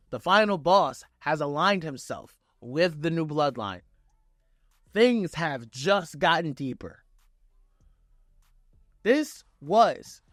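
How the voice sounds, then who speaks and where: A man's voice, pitched a bit higher than most, rattles through a wrestling recap with swearing and rising excitement. The sound is dry and close, with almost no room around it. His telling runs like hyped play-by-play with a casual edge. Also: no echo. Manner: excitable, profane play-by-play retelling. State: on vacation. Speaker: wrestling reviewer. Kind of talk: casual reaction review.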